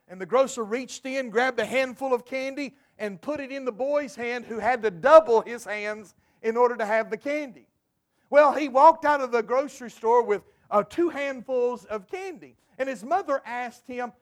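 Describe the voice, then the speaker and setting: A man's voice: very high-pitched, moderate pace. A man preaching a sermon to his congregation, emphatic and storytelling. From United States. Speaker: pastor.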